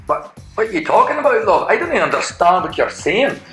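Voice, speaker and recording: A man's voice: high-pitched, very animated, fast talker, a bit bright, faint music behind, voice pushed up. A man doing a blunt, brash Scot. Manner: blunt, swearing. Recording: echoey room.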